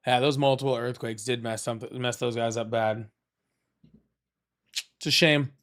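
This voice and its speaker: A man's voice: mid-range voice, fairly even intonation, fairly bright tone. A man hosting a live political call-in stream, chatting casually and pressing callers hard. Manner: argumentative, quick to press callers.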